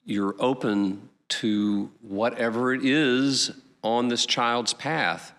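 A man hosting a podcast interview, speaking encouragingly with hesitant pauses. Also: mid-range voice, fairly even intonation, big-room sound. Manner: slow, warmly encouraging, with hesitant "uh"s. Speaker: podcast host. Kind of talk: interview questions.

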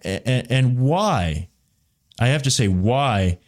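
A man's voice: medium pitch, animated, takes it slowly. A man hosting a solo political commentary podcast, talking in a rambling way with frequent restarts and fillers. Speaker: podcast host.

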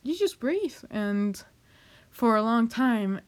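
A young woman vlogging confessionally in a hesitant, halting way, with fillers and nervous little laughs, emotional and close to tears. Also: fairly high pitch, sing-song. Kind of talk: confessional personal vlog.

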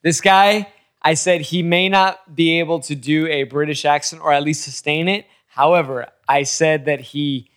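A man's voice: on the high side, steady tone, moderate pace, fairly bright tone, clean tone. A man in casual chat, eager and repetitive, restarting phrases often. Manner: eager, repeats himself, laughs easily.

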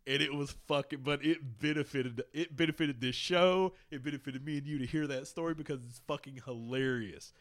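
A man co-hosting a casual sports podcast, swearing freely and telling stories with lively quoted voices. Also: on the high side, fairly quick, few pauses. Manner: profane, animated storytelling. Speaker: podcast co-host.

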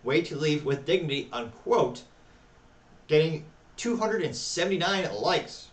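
A man hosting a talk show, reading social media replies aloud with wry, deadpan asides. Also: fairly high pitch, unhurried, echoey room, recorded from a distance. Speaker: podcast host.

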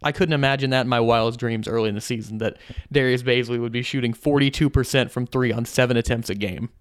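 Smooth-voiced man hosting a sports podcast. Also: medium pitch, steady tone, fast, no room sound, studio quality. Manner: stat-heavy, upbeat analysis. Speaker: podcast host. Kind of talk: casual sports podcast chat.

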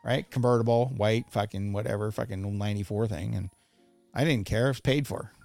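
A man's voice: fairly low pitch, steady tone, brisk, gravelly, darkish tone, faint music behind. A man hosting a podcast, telling a profane, rambling story in casual chat. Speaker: podcast host. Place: studio.

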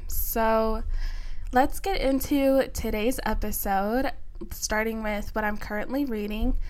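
A young woman hosting a podcast, chatting casually with lots of fillers and excited, emotional gratitude. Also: on the high side. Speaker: podcast host. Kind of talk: casual chat.

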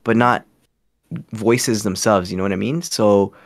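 A man's voice: fairly low pitch, fairly even intonation, unhurried, dry recording, clean studio sound. A man from Canada, a podcast guest, talking in a laid-back, rambling, self-deprecating way. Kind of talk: casual podcast chat.

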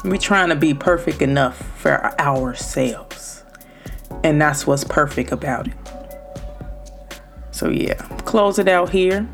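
Loud, emphatic woman podcaster, low voice. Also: slow, gravelly, long pauses, faint music behind. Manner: loud, emphatic and direct, speaking straight to listeners. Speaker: podcast host. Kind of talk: motivational podcast talk.

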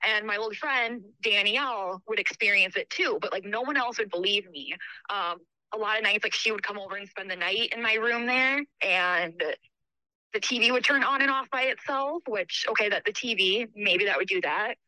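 A woman's voice: medium pitch, moderate pace, dry recording, low-quality recording. A woman caller telling a story in a chatty way, with lots of fillers. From New York State. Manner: chatty, filler-heavy, animated retelling. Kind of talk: casual storytelling on a call.

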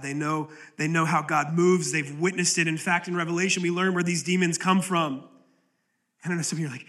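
A man preaching a sermon as pastor, passionate and dramatic, dropping to low, quiet lines for emphasis and acting out quoted pleas. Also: fairly even intonation, brisk. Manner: impassioned preaching with sudden drops to low, quiet delivery; acts out quoted pleas with rising intensity. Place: church sanctuary.

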